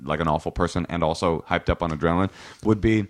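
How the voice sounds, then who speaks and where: A man in his thirties talks in a low, easy register on a casual podcast. He tells his stories with energy and acts out the lines of the people in them as he goes. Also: fast, no echo, studio quality. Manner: animated storytelling, acts out quotes in other voices. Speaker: comedian guest.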